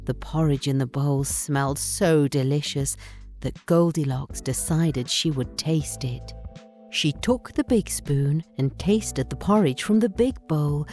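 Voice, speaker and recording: A woman narrating a bedtime story in a slow, gentle, expressive reading. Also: low voice, faint music behind.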